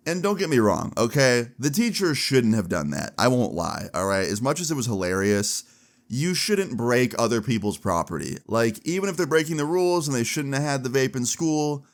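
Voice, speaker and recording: A young man telling a story in a casual, animated way, full of swearing and slang. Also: on the low side. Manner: animated, profane and chatty.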